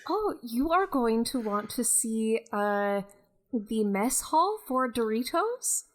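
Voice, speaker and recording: A woman playing a Scottish shipboard bookworm, courteous, slow, high voice, quick to suspicion. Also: big pitch swings. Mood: puzzled. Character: polite, prickly young woman reading aboard a ship.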